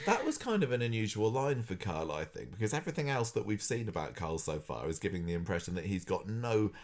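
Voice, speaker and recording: Deep-voiced man analysing soap plots. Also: sing-song, fast talker, darkish tone. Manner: analytical, thinks aloud with restarts. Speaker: soap opera review podcast co-host. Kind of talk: casual chat.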